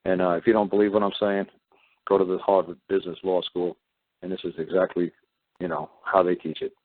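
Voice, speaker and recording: A deep, husky man hosts a talk show and tells his story in a blunt, combative way. The sound is thin and tinny, like a phone line. He strings his points together with repeated "I said". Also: level tone, fairly quick, no echo.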